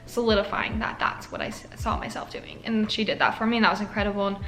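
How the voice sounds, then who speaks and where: A woman's voice: medium pitch, steady tone, fast talker, pushed and bright. Young woman vlogging about nursing school, chatty and earnest, lots of likes, faint hiss behind. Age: young adult. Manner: chatty, emotional, many filler likes. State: tearful at moments. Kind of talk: casual chat to camera.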